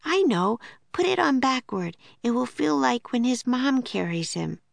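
A woman's voice: on the high side, big pitch swings, unhurried, gravelly, dry recording, voice pushed up, heavily acted. A woman voicing a sensible young boy in a storybook, speaking in a plain, matter-of-fact way. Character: sensible young boy, cautious older brother.

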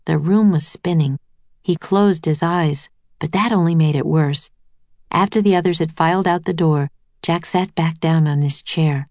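A woman narrating a children's storybook aloud in a clear, even telling. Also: sits low, moderate pace, no room sound.

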